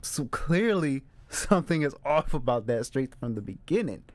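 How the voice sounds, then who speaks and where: A man's voice: medium pitch, normal speed, dry recording. Young man chatting about a movie. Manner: animated retelling, acts out character quotes. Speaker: movie reviewer host. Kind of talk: casual film discussion.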